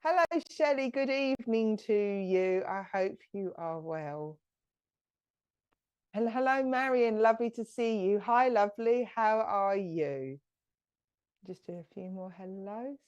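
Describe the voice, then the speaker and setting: A woman, a medium hosting a live stream, chatting brightly and greeting viewers by name. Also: medium pitch, animated, a little slow, clean tone, lo-fi sound.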